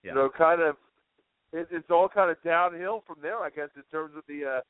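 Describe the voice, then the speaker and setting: A man co-hosting a comedy talk show in casual chat, rambling with many halting fillers. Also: fairly high pitch, no echo. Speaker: radio co-host. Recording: dry phone-like audio.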